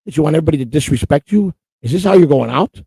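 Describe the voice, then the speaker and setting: High, gravelly man ranting on a stream. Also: animated, very fast, warm tone, no echo. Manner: profane, repetitive, emotional. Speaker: co-host of a streamed morning show. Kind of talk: heated livestream rant.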